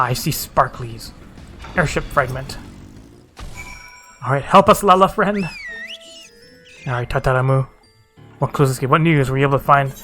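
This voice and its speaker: A man's voice: mid-range voice, sharp tone. A man hosting a let's play, giving laid-back, joking game commentary.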